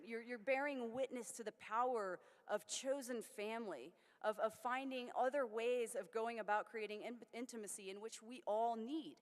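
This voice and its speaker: A woman giving a conference keynote, telling personal stories in an earnest way. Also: mid-range voice. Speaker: keynote speaker. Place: large conference hall. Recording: long reverb of a large hall.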